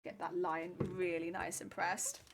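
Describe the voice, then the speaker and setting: A woman's voice: lowish voice, flat delivery, measured pace, faint music behind. A young woman from Wales chatting casually on a livestream while ironing fabric, reading chat aloud and laughing often. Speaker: craft streamer.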